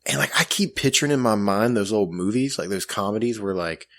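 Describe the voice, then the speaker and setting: A man co-hosting a casual podcast, his voice a touch low and swinging widely up and down as he tells a story against himself. He talks loosely, full of "you know what I mean" and restarts. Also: a little fast. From grew up in the country. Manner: animated, self-mocking, lots of fillers. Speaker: podcast co-host.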